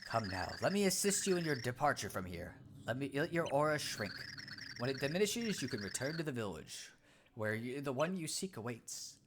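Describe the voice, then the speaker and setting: A man's voice: mid-range voice, very animated, normal speed, noisy background, pitched below the performer's own voice, lightly acted. A man doing a serene pixel spirit. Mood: calm solemn. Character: serene meditative tiny pixel spirit, calm sage.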